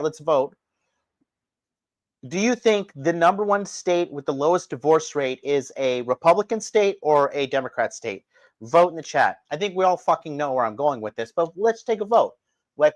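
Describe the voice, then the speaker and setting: A man's voice: a little high, dry recording. A man hosting a livestream, ranting bluntly and profanely while reading the chat. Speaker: dating coach and livestream host. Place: indoors in Japan.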